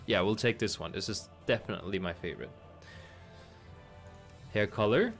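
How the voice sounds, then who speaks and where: Low-voiced man chatting over a game. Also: moderate pace, faint music behind. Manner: chatty, self-amused, thinks aloud. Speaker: gaming streamer. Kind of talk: casual game commentary.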